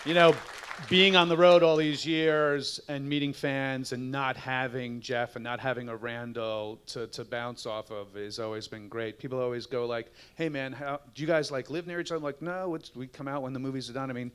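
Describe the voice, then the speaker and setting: A middle-aged actor on a fan panel, telling casual anecdotes and acting out the lines of other people. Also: male voice, mid-range voice, moderate pace, clean tone, some chatter behind. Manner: animated, acts out quotes. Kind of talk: casual storytelling Q&A.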